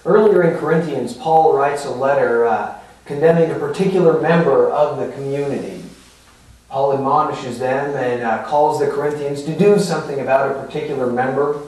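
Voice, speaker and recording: A man's voice: on the high side, darkish tone, slight background noise. Pastor, male, casual sermon delivery, heard from afar in a very echoey sanctuary. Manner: conversational teaching, with fillers and rhetorical asides. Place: church sanctuary. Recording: echoey hall from far off.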